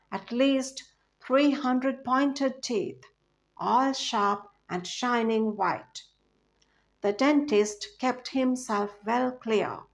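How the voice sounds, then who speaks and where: A woman reciting a poem and coaching students, with a clear, calm, measured delivery. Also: a little high. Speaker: recitation teacher.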